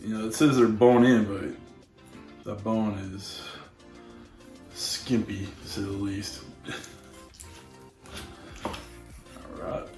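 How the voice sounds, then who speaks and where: A man's voice: fairly low pitch, fairly even intonation, drawn-out words, creaky, long pauses, a little mellow, soft background music. A man hosting a casual cooking demo, easygoing and chatty, saying "all right" often while he grills. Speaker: cooking channel host. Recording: roomy echo.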